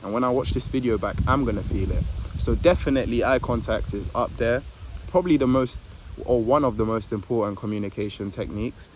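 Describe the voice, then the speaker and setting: A man's voice: mid-range voice, brisk. A young man giving casual advice to the camera outdoors in a park. He rambles, fills gaps with "like", and stammers a little. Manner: rambling, filler-heavy, says "like" a lot; a little jittery, stammers on words. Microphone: phone or camera held facing him. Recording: outdoor street noise with passing traffic.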